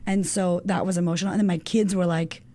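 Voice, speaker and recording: A woman in her thirties, a women's coach, talking as a guest in an animated, emotional way, full of fillers and the odd swear word. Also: lowish voice, fast talker. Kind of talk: casual chat.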